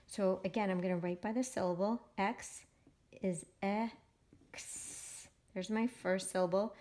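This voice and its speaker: Slowly and patiently, a woman sounds out each syllable while teaching phonics to young children. Her voice is medium-pitched and a little mellow.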